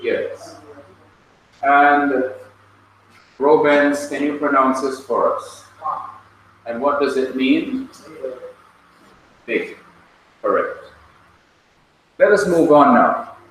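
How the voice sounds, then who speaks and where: Slow-speaking man teaching a class. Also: mid-range voice, a bit bright. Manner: slow, patient, calls on students by name. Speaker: Hebrew teacher. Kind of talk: classroom lesson with drills. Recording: echoey classroom from far off, faint noise.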